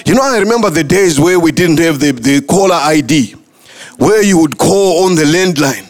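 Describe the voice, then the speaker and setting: A man's voice: on the high side, lively intonation, moderate pace. A man preaching a sermon as pastor, impassioned and sing-song, often repeating his words. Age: adult, married.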